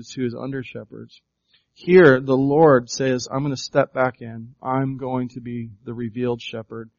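A man's voice: mid-range voice, a little mellow, no room sound, lo-fi sound. A man preaching a sermon as pastor, reading scripture aloud and pressing his points with rising emphasis.

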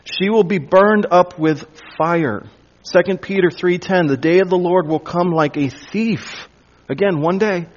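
A male pastor working through scripture in a sermon, pressing his points with emphasis and sinking to a quiet hush when he wants them to land. His voice sits a little high. The recording is dull and lo-fi. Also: measured pace. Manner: emphatic, drops to a hush for weight. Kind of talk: expository sermon.

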